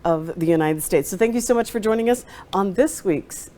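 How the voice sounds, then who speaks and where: A woman's voice: mid-range voice, fairly quick, mellow. A woman news anchor reacting to a story and wrapping up the segment on air.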